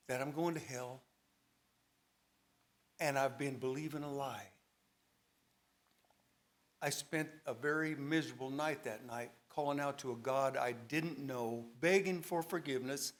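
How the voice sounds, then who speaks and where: A man's voice: on the high side, a bit bright. A man telling his personal testimony at a church service, dramatic storytelling with a voice that rises and falls with emotion. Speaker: church member giving testimony.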